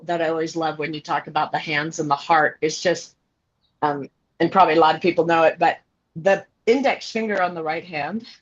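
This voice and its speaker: A woman's voice: sits low, muffled recording. A woman participant on a video call, chatty and a little self-deprecating as she shares a comment with the class.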